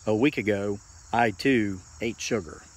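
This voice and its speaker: A man voicing a calm, wise old monk who speaks gently and slowly in a story. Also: lowish voice.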